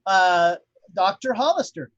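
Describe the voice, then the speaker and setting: A man's voice: high voice, animated, unhurried, a bit bright, no echo, dull audio. A man narrating a tabletop horror game as game master, rambling with many fillers.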